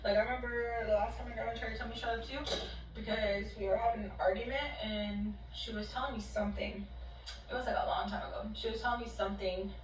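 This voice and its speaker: A woman's voice: on the high side, steady tone, fast. Ranting young woman, echoey playback from afar. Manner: heated, ranting, emphatic. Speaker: storytime YouTuber. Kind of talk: storytime monologue. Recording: roomy video played back from a distance.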